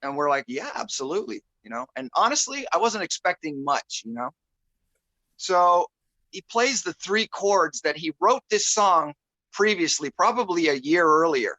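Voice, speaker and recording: A male guest musician telling a story in a casual, rambling way, full of fillers and pauses as he searches for words, over a video call. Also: fairly high pitch, lively intonation, pushed and bright, dry recording, rough recording.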